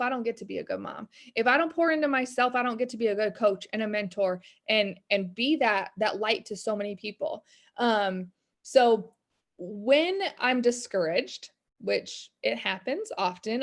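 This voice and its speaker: A woman in her thirties, a business coach, talking candidly and rambling about faith and discouragement. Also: on the high side. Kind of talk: casual motivational talk. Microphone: video call.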